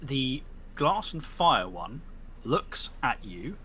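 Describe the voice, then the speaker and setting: A man's voice: mid-range voice, very animated, slow pace, pushed and bright, a little hiss or hum. A man narrating as game master in a tabletop game, describing scenes with many fillers and restarts.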